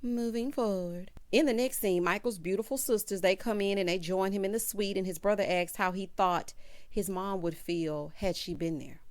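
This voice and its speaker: A woman's voice: medium pitch, steady tone, moderate pace. A woman hosting a casual, sassy recap of a reality show, calling her viewers child and honey.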